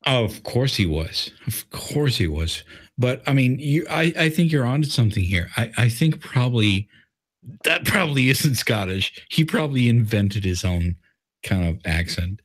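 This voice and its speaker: A man co-hosting a casual live stream, blunt and teasing, quick to argue a point. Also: mid-range voice, lively intonation. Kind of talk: casual chat.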